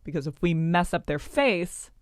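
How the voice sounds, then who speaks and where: A woman's voice: fairly low pitch, expressive, clean tone, dry recording. Chatty woman, dry close sound. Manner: chatty, heavy use of "like" and quick asides. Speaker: podcast guest. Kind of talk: casual podcast chat.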